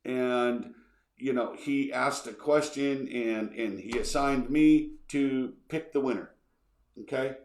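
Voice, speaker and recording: A man's voice: mid-range voice, slow pace, echoey room. A man hosting a podcast, answering listener questions in a casual, rambling way, often repeating himself and checking in with "okay". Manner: energetic, repeats words, says okay a lot.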